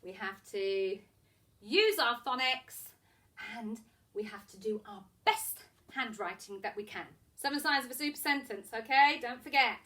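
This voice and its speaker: A woman's voice: on the high side, moderate pace, fairly bright tone. A woman teaching a phonics lesson to young children, giving encouraging, sing-song instructions. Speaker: primary school teacher.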